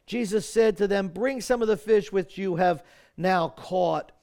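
A man's voice: high voice, a little slow, darkish tone, smooth. A man preaching a sermon, reading scripture aloud in an earnest, folksy way, often checking in with "right?". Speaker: pastor.

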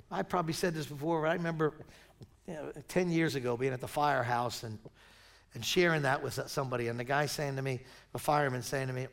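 A man's voice: medium pitch, fast talker, gravelly. A middle-aged man preaching a sermon as pastor, in a conversational way with stumbling restarts when he tells stories.

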